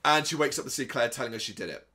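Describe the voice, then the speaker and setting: A man co-hosting a casual movie review chat, animated and sarcastic, swearing often. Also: medium pitch, rapid-fire. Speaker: podcast co-host.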